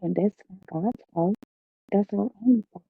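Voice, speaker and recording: A woman's voice: mid-range voice, measured pace, gravelly, husky, dry recording. A woman as a podcast guest, telling an emotional personal testimony in a heartfelt, preacherly way. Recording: phone-like, dry.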